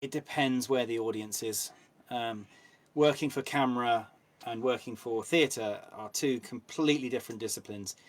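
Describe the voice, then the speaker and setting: A man with an English accent, an actor guest telling anecdotes in a relaxed interview chat with frequent ums. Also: mid-range voice, moderate pace.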